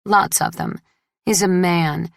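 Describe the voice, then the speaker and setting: A woman reader voicing a desperate, resentful young bride who pleads and breaks into shrill outbursts. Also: sing-song, slow pace, creaky, no room sound, studio quality, heavily acted. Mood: tearful bitter.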